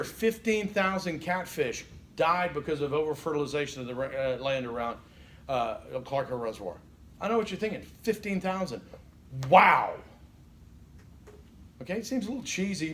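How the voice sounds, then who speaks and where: A man teaching a college class, animated and joking, often checking in with the room. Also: a little high, fairly quick, a little hiss or hum. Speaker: college instructor. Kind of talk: classroom lecture.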